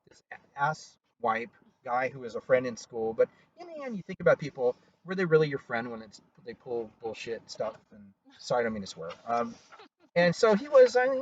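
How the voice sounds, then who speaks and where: A man telling personal stories as an interview guest, casual and animated, swearing and laughing as he goes. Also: mid-range voice, husky, recorded from a distance, lo-fi sound. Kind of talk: casual storytelling.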